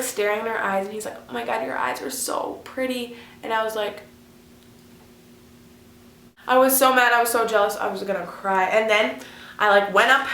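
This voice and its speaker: A teenage vlogger with a slightly high, pushed, bright voice tells a story in a casual, gushing, chatty way, constantly saying "like." The recording comes from an echoey room and has a little hiss or hum.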